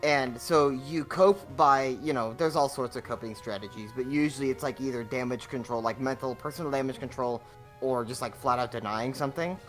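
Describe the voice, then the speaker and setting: A man's voice: mid-range voice, brisk, faint music behind. A young man rambling casually while commentating on a video game, swearing and filling gaps with "um" and "like". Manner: rambling, profane, many fillers. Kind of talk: casual let's-play banter.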